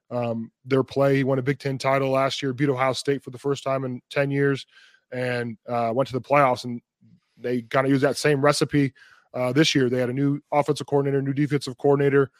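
A man co-hosting a sports podcast, talking at an ordinary middle pitch. He rambles through his points and trips over repeated starts. The sound is dry and close-miked. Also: no echo. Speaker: podcast co-host. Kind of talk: casual sports chat.

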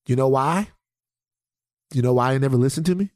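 A man's voice: mid-range voice, fairly quick, darkish tone, no room sound, studio quality. A man co-hosting a podcast in casual chat, ranting in mock outrage and mimicking friends. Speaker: podcast co-host.

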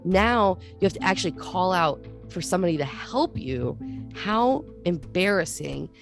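A woman with a notably low voice chats as a podcast co-host, spinning stories with energy and acting out what people said. Faint music plays underneath. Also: normal speed, vocal fry. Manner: animated storyteller, acts out quotes. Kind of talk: casual chat.

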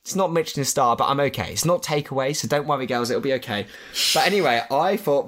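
Man, 20s, casual podcast guest, expressive, mid pitch. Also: fast talker. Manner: animated, chatty anecdotes with acted-out quotes. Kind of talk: casual chat, storytelling.

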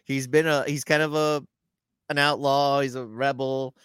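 A man co-hosting a casual movie review podcast, animated and profane, laughing often. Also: medium pitch, clean tone, dry recording, clean studio sound. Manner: animated, swearing, laughing, quick asides. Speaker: podcast co-host.

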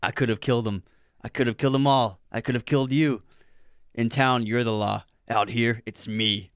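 Gruff threatening soldier, as a man puts him on, amateur film-star impression, mid pitch, dry sound. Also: steady tone, moderate pace, no room sound, natural voice. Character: gruff male soldier issuing a quiet threat.

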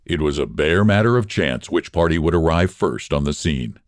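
A man narrating a story in an expressive, measured reading. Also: rumbling low, no echo, studio quality.

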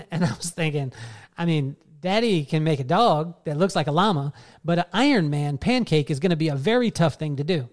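A man with a fairly high voice delivers a live keynote, telling a personal story in an earnest way. He speaks straight to the crowd, as a motivational speaker, and stops often to reach them. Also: animated, fairly quick.

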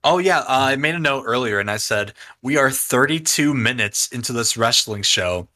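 A man's voice: mid-range voice, expressive, normal speed, pushed and bright. A man co-hosting a casual podcast who recaps a show and often chuckles. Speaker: podcast co-host.

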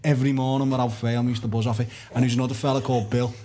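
A man spinning a rowdy anecdote in a casual podcast, chuckling as he goes and swearing without a second thought. Mid-pitched voice, with a light hiss in the background. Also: level tone, racing. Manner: swears freely, laughs through his story.

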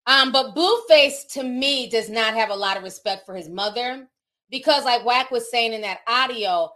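A woman with a high, bright voice chats through a gossip stream, talking straight to her viewers. Her delivery is animated and full of quick asides. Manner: animated, laughing, chatty to her chat. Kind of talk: casual celebrity gossip stream.

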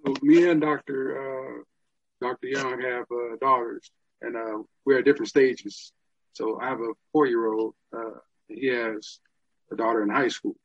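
A man hosting a casual conversation who asks questions in a relaxed, informal way. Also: medium pitch, normal speed, dry recording, highs cut off. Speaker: podcast host.

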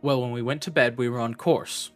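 A man playing his character in a tabletop game, speaking in a measured, reasoning way. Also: mid-range voice, steady tone, faint music behind. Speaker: player. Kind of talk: in-character tabletop role-play.

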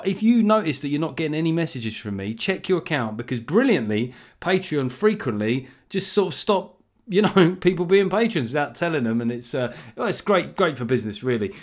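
A man's voice: a little high, lively intonation, a little fast. A man with a South London accent hosting a podcast in a casual, rambling way, joking sardonically and swearing freely. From England. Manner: rambling with restarts and chuckles. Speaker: podcast host.

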